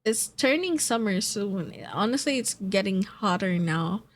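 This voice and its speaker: A woman's voice: mid-range voice, expressive, unhurried. A sleepy young woman from the Philippines, streaming and chatting casually, rambling, yawning, laughing often and swearing. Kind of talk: casual chat.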